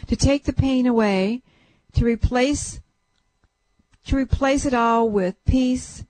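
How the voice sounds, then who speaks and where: A woman with a fairly high voice hosts a call-in radio show, giving readings in a chatty, soothing manner. The sound is close and dry, with no room echo. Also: slow, darkish tone. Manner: chatty, soothing, breaks into whooping chants. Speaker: radio show host and psychic reader.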